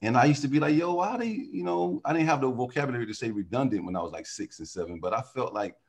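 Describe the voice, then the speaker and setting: A man's voice: mid-range voice, fast, vocal fry. A man talking as a podcast guest in casual conversation, riffing animatedly and philosophically on word origins.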